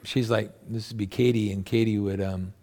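A man's voice: fairly low pitch, steady tone, normal speed, darkish tone. A middle-aged man giving a conversational sermon as a pastor, rambling and folksy, with plenty of asides. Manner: rambling, folksy, with family anecdotes and many asides.

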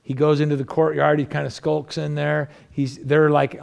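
A male pastor with a strongly gravelly, rough edge to his voice, pitched a little higher than most men. He preaches conversationally, firing rhetorical questions at the congregation and swinging between emphatic raised lines and low, quiet asides. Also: level tone, normal speed, few pauses. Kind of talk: sermon.

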